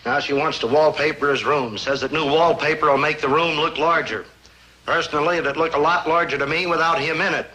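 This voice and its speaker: A man's voice: on the high side, bright, forceful tone, poor audio. A middle-aged actor playing a sardonic, grumbling penny-pinching father in a 1950s sitcom.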